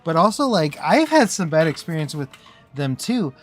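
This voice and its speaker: A man's voice: a little high, sing-song, normal speed, soft background music. A man from the US Midwest streaming a game, chatting casually as he plays, rambling and breaking off mid-thought with frequent laughs. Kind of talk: casual live-stream commentary.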